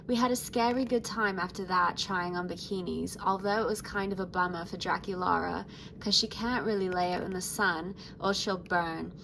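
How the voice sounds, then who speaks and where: A woman voicing a laid-back teenage sea-monster surfer girl, reading her diary aloud softly. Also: medium pitch, a little hiss or hum, lightly acted, low-quality recording.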